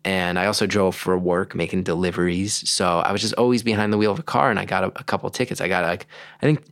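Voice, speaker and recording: A man's voice: sits low, steady tone, quick pace, fairly bright tone, no room sound, clean studio sound. A man from New Jersey, a podcast guest, answering candidly and reflectively with some restarts. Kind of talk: interview answers.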